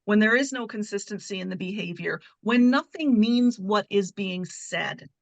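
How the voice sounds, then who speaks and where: Woman, communication coach, explanatory, measured, mid pitch, dry recording. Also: vocal fry, dry recording, low-quality recording. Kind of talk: casual chat.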